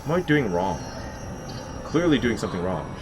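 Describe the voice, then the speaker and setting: A man's voice: lowish voice, very animated, moderate pace, background noise. A man giving let's play commentary on a horror game, wry and talking back to the enemies as he plays. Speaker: gameplay commentator. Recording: game music playing behind. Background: game music.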